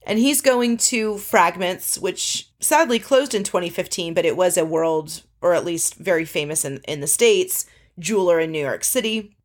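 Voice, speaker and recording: A woman's voice: lowish voice, animated, normal speed, hardly any pauses. A woman casually recapping a show, chatty and sarcastic, mimicking the people she quotes. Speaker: podcast host recapping a reality show.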